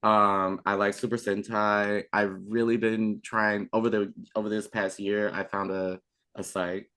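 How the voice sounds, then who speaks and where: A man's voice: on the low side, flat delivery, a little slow, bright, forceful tone. Brief: young man, podcast guest, chatty, enthusiastic, lots of ums and restarts. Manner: chatty and enthusiastic, trailing fillers. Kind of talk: casual chat.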